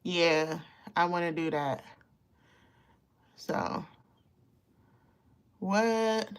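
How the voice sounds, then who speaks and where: A woman around fifty hosts a casual live makeup chat. She talks warmly to her viewers, laughs often and gets emotional as she applies her makeup. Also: on the low side, very slow, smooth. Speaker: beauty livestream host.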